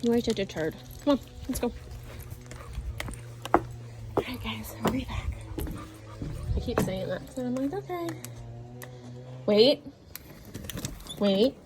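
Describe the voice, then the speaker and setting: Over loud music in an outdoor yard, a woman dog trainer talks a little slowly, with long pauses. She shifts between casual, chatty explanations and sharp, high commands to her dog.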